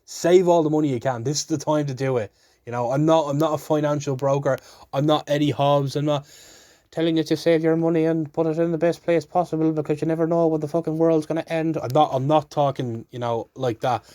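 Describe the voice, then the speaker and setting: A man's voice: fairly high pitch, steady tone, a little fast, dark tone, no echo, clean studio sound. A young man hosting a solo podcast, rambling casually with jokes and swearing. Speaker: podcast host.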